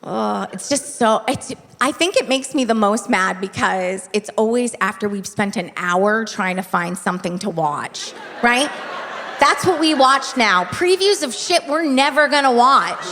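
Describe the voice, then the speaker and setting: On a theater stage, a woman does stand-up comedy into a handheld mic, chatty and confiding as she checks in with the crowd. Her voice is a little high and sharp, with lively intonation and a slightly slow pace, in a reverberant live venue with faint noise.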